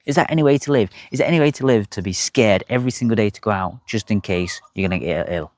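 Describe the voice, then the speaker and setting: A man's voice: lowish voice, fast, a little mellow, no echo, studio quality. A young man, bluntly telling his own health story to camera, swearing freely. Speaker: health vlogger.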